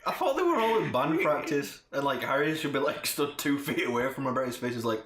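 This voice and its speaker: Brief: sarcastic co-host, animated delivery, echoey room. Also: male voice, medium pitch, a little fast, crowd noise. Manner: sarcastic, swears, laughs. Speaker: podcast co-host. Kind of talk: casual banter.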